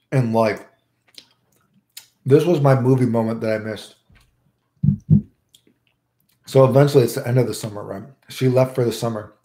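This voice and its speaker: A man's voice: medium pitch, mellow. A man telling a crude personal story in casual, rambling talk, often tagging lines with "right?". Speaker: storyteller host. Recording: roomy echo.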